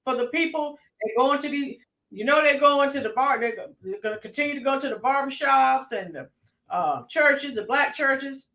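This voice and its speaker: A woman's voice: sits high, moderate pace, a bit bright, roomy sound. A woman hosting a casual political livestream, getting fired up and talking to her chat by name. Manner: fired-up, talks back to live chat by name. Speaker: livestream host.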